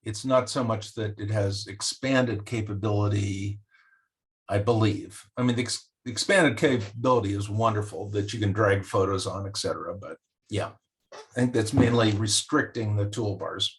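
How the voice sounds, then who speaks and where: Male meetup participant on a video call, halting and unsure. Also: on the low side. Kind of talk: casual video call discussion.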